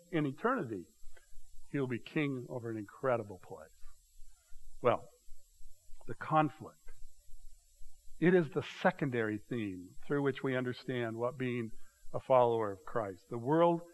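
A man's voice: medium pitch, low-quality recording. An older man, a pastor, preaching a conversational sermon and asking his listeners questions.

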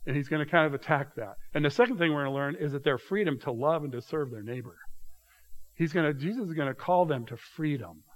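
Man, pastor, conversational sermon, teacherly, slightly high voice. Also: fast talker, rough recording. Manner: conversational, teacherly, often asks "okay?". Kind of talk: expository sermon.

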